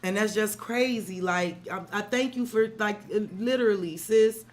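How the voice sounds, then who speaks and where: A woman's voice: mid-range voice, normal speed. A woman tarot reader on a live stream, talking openly and emotionally to her viewers and swearing freely. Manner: talks straight to viewers, calls them girl and sis.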